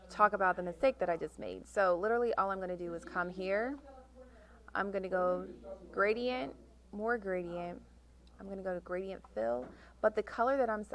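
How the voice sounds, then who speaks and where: Woman, software tutorial instructor, step-by-step narration, a gravelly fry in her voice. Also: mid-range voice. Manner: talks through each click step by step; reads instructions aloud, correcting herself. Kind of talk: screen-recorded software tutorial.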